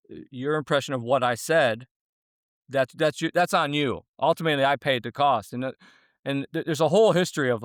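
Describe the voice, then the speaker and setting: A man's voice: medium pitch, a bit bright, clean tone, no room sound, clean studio sound. A middle-aged man, a former zookeeper, speaking in an earnest, rambling way, with many restarts and fillers, as a guest in an interview. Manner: gets emotional when talking. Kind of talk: casual interview talk.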